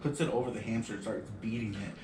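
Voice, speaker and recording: A young man on a podcast, telling stories excitably and swearing as he goes. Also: fairly low pitch, fast. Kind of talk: casual chat. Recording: echoey room from a distance, loud hiss.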